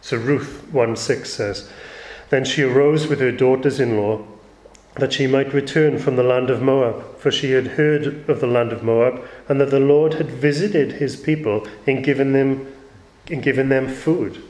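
A man's voice: medium pitch, steady tone, a little slow, darkish tone. A man preaching a sermon in a plain, conversational way, with asides and restarts. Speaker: pastor. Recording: echoey room.

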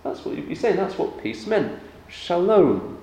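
A man leading a church service, praying and then giving a lively children's talk with questions. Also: sits high, fairly quick, creaky. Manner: animated with children, rising and warm questions. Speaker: pastor. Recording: echoey church room with faint ambience.

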